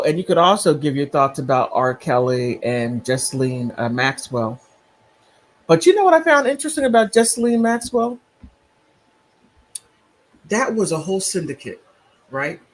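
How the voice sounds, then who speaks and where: A man with a slightly high voice rambles through commentary on a casual live stream, reacting to viewer comments. The audio is poor, picked up by a computer mic on a streaming app.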